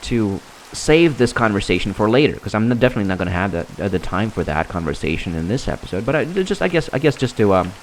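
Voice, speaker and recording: A man giving casual, rambling commentary while playing a game, halting and restarting his sentences often. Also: on the low side, sing-song, slight background noise. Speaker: gameplay commentator.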